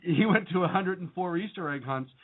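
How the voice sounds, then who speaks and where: A man's voice: high-pitched, a little fast. A man co-hosting a casual political talk show, speaking in an earnest, opinionated way. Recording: phone-like lo-fi sound.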